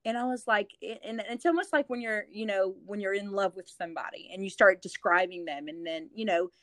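This medium-pitched woman talks briskly with no echo around her. Once a real estate agent and now a TV host from New Orleans, she's a giggly, chatty storyteller, laughing a lot and using plenty of fillers in a casual conversation.

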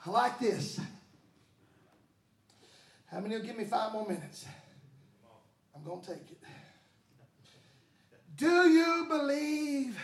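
A pastor preaching a sermon in a church. He calls out to the congregation and breaks into shouts. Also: extremely high pitch. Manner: call-and-response preaching with shouted bursts. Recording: echoey church hall.

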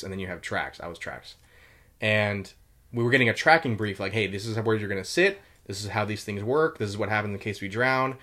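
A man's voice: on the low side, fairly bright tone. A young man telling war stories in a casual chat, loose and full of fillers and swearing. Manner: swears a lot, quick and loose with many fillers. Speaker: podcast host telling military stories.

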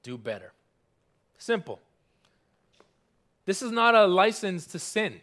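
Male pastor, high-pitched voice, earnest emphatic sermon delivery, slows for scripture, call-and-response. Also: fairly bright tone. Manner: slows down on scripture, stressing single words.

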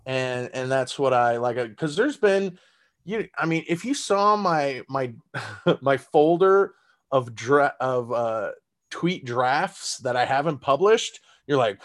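A man's voice: medium pitch, lively intonation, a little slow. A man with a Southern accent, a stand-up comedian in casual podcast chat who laughs often and talks loosely with lots of fillers and swearing. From Texas.

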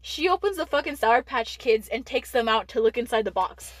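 A woman's voice: a little high, animated, a little fast, over a noisy crowd, rough recording. A teenage girl from Texas telling a school story in casual chat, rambling with lots of "like" and frequent swearing. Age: late teens. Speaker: podcast co-host.

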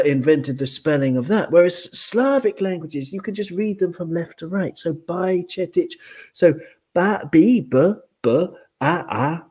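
A man's voice: on the high side, darkish tone, husky. A man hosting a casual podcast, explaining pronunciation step by step in a teacherly way. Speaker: podcast host.

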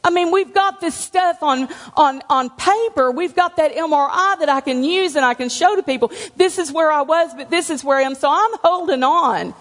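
A woman's voice: high voice, normal speed, few pauses, a bit bright, in a large hall. A woman giving a candid, conversational personal testimony to a church congregation, with self-deprecating humor. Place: church sanctuary.

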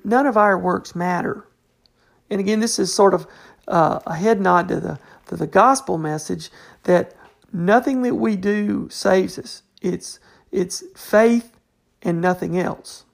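Gravelly-voiced woman teaching scripture. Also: medium pitch. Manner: conversational, fills with "you know", restarts often. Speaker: Bible teacher. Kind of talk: informal Bible study talk.

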